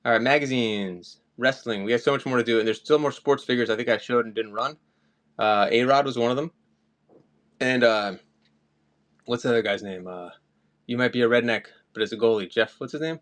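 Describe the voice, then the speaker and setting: A man selling collectibles on a live stream talks fairly quickly in a mid-range, somewhat bright voice. He chats casually and drifts off topic between items.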